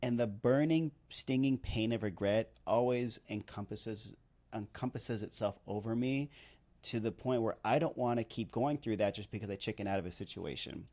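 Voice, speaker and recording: A man's voice: fairly low pitch, moderate pace, darkish tone. A man in his thirties telling a story on a podcast in a rambling, self-deprecating way, with lots of "like". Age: 30s. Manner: rambling, chatty, self-deprecating, heavy use of "like". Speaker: podcast co-host and wedding videographer.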